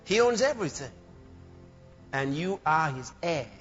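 A man preaching a sermon in an animated way, breaking into shouts and laughter. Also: on the high side, unhurried. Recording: dull lo-fi sermon recording with faint music.

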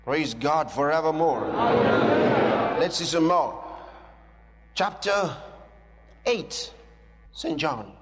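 Man, preaching, high animated voice, slow and drawn-out, echoing hall reverb. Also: background noise. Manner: emphatic, drawn-out, with bursts of shouting and chuckles. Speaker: pastor. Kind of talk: sermon.

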